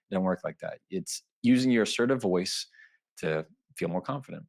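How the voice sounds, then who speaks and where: A man in his thirties, a trial attorney, talking as a guest in a podcast interview and acting out quoted speech in lively voices. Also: fairly low pitch, a little fast, vocal fry.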